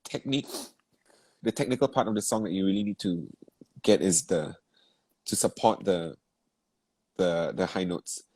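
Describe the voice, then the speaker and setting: A man's voice: low voice, normal speed, long pauses, a little mellow, no room sound. A man giving feedback as a vocal coach in an online masterclass, asking probing questions and encouraging with easy laughs. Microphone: video call.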